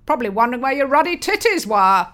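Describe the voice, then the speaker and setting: A woman's voice: medium pitch, a little fast, a bit bright, lightly acted. Woman doing a barking, snobbish posh father. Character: pompous, cruel upper-class father.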